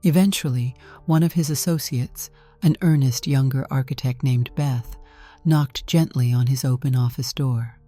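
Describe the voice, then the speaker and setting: A woman narrating a story in a calm, measured way from a script. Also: rumbling low. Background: faint music.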